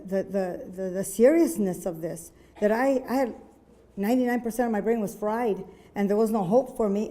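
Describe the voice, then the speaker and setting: A woman giving a personal testimony at a church conference, telling her story earnestly with many halting restarts. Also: fairly high pitch, warm tone.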